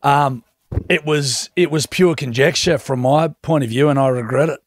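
A man's voice: mid-range voice, moderate pace, no echo, clean studio sound. A man, co-hosting a casual radio show and teasing his co-host with frequent laughter. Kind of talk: casual breakfast radio banter.

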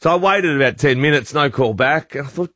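A man's voice: fairly high pitch, fairly quick, a bit bright, dry recording, clean studio sound. A man in his forties with an Australian accent, a breakfast radio host telling an anecdote and acting out the quotes. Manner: storytelling, acts out quotes. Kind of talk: casual radio banter, anecdote. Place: radio studio. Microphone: studio mic.

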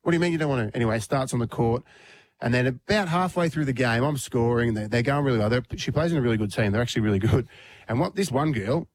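A man's voice: mid-range voice, lively intonation, fast talker, slight background noise. A man, hosting morning radio and telling a funny family story while acting out the voices. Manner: acts out the voices in his stories. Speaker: radio host.

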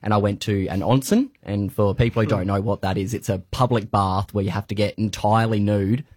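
A man's voice: on the low side, steady tone, a little fast, darkish tone, no room sound. A man with an Australian accent, co-hosting breakfast radio and telling a funny story in casual banter. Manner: storytelling, chatty, self-mocking. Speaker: radio co-host.

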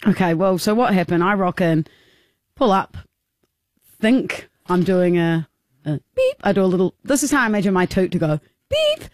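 Animated woman telling a story. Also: fairly low pitch, normal speed, no room sound, studio quality. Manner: animated, self-pitying storytelling. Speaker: radio host. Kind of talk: casual storytelling banter.

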